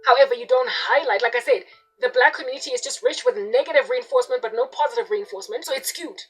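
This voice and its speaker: Faint music plays behind a young, high-voiced South African woman who vlogs an emotional, wounded monologue to her viewers. She talks quickly with a breathy edge, moving between soft confession and loud, biting impressions of yelling.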